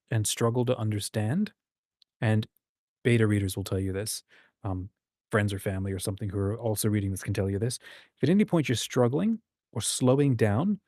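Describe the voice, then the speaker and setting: Man hosting a relaxed writing chat. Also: medium pitch, dry recording, clean studio sound. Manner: reads out chat comments, frequent ums and restarts. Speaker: host. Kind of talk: casual livestream chat on writing.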